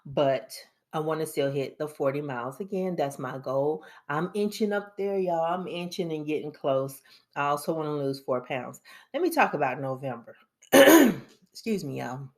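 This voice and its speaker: A woman's voice: sits low, moderate pace, darkish tone. A woman YouTuber chatting casually about her goals, joking and laughing often and talking straight to her viewers. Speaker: YouTuber sharing monthly goals.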